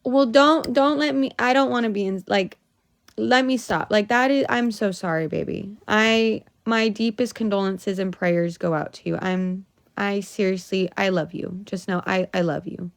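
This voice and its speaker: A woman's voice: mid-range voice, steady tone, normal speed, smooth, no echo. A young woman venting on a casual livestream, emotional and swearing, rising into exasperated outbursts.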